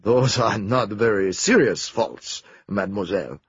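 A shrewd, soft-spoken middle-aged detective who asks his questions gently and at a measured pace, voiced by a male reader. The voice is low, with gravelly fry and a husky texture. The sound is dry and a touch muffled. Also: huge pitch swings, dry recording, exaggerated voice. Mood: polite.

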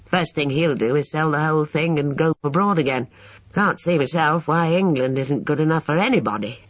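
A reader voicing a chatty, cheerful young Englishman who rambles eagerly, in a husky voice. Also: medium pitch, brisk, dry recording, highs cut off, lightly acted. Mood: breezy.

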